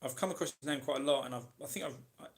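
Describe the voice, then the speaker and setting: A man's voice: medium pitch, racing. A man hosting a casual live question-and-answer stream, reading out viewers' comments and answering them in a rambling, chatty way full of ums and restarts.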